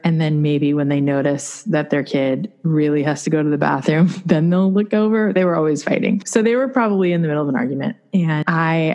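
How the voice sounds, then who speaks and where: Low-voiced woman telling a personal story. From New York. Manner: chatty, expressive, acts out quoted voices. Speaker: podcaster.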